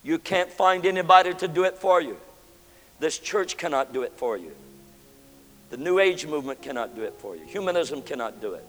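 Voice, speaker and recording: High, lively preacher in a hall. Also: male voice, a little fast. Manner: preaching with dramatic swings between loud and hushed. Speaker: pastor. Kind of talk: sermon. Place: church sanctuary. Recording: long hall reverb with faint music.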